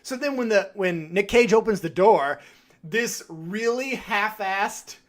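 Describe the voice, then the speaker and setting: A man co-hosting a podcast, chatting casually, animated and quick to swear as he acts out reactions. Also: high-pitched, a little hiss or hum. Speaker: podcast co-host. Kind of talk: casual chat.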